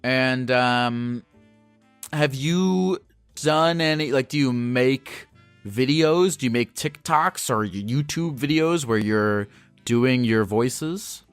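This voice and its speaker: A man's voice: medium pitch, slow, smooth, dry recording. A man in his natural middle register hosts a loose call-in chat, moving between earnest questions and playful asides. His voice sits close and dry in the mic, with no room around it, and faint music hums underneath. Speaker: host.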